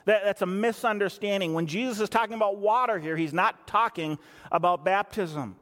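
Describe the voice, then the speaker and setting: A man's voice: high voice, normal speed, a bit bright, long reverb tail. A man preaching a sermon as pastor, emphatic and repeating phrases for stress.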